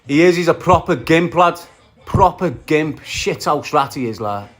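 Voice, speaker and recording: A man's voice: fairly high pitch, lively intonation, a little slow, faint music behind. Brash Scouse man ranting on a livestream. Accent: Liverpool Scouse. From Liverpool, England. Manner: aggressive, profane, trash-talking while greeting viewers. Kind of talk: casual livestream rant.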